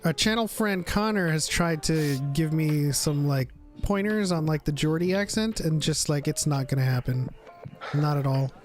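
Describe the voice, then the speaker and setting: A man's voice: fairly high pitch, normal speed, faint music behind. An American man hosting a casual livestream podcast, chatting loosely and greeting viewers. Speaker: podcast host.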